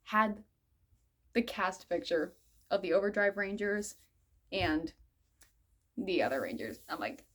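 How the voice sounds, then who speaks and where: A woman's voice: mid-range voice, slow pace, pauses often. This is a young woman in her mid-twenties recounting a story for her vlog. She sounds giddy and fan-struck, breaking into laughter often as she rambles through her asides. Her delivery is casual and chatty throughout. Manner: excitable and giggly, laughs often while recounting; fangirling, rambling with many "I'm like" asides. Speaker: vlogger.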